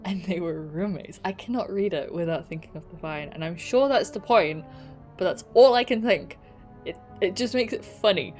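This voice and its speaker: A woman streaming a game, reading its letters aloud and breaking off for quick asides and laughs. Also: on the low side, darkish tone, soft background music.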